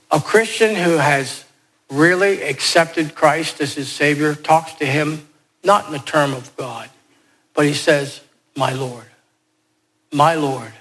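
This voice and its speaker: A man delivering a sermon in a slightly high voice. He is emphatic and repeats his key phrases, building to urgent exhortation. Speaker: preacher.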